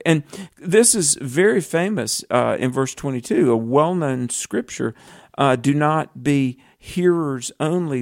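A man's voice: mid-range voice, gravelly, no echo, studio quality. A man co-hosting a conversational Bible teaching, earnest and reflective, quoting scripture as he talks. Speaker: co-host.

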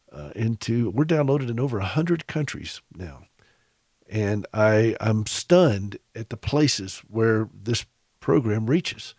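A man's voice: medium pitch, a little mellow, slightly rough, dry recording. Radio host, man from the US, mid-range voice, dry studio sound, rambling storyteller who chuckles at himself. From United States. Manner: chatty and self-deprecating, stumbles and restarts, chuckles while telling stories. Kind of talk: radio talk, personal storytelling. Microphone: studio broadcast microphone.

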